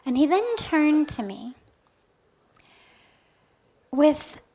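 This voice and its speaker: A woman spiritual teacher telling a personal story in a spiritual talk, slow and reflective, often sinking to a soft, breathy near-whisper and then rising with emphasis on key words. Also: high-pitched, big pitch swings.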